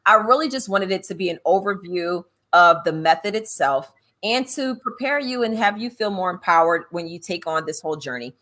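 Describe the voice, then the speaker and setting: A woman hosting a podcast, telling funny parenting stories in a casual, animated way and acting out quotes. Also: on the low side, normal speed. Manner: animated, laughing, acts out quotes. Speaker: podcast host and author. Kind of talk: casual chat, storytelling.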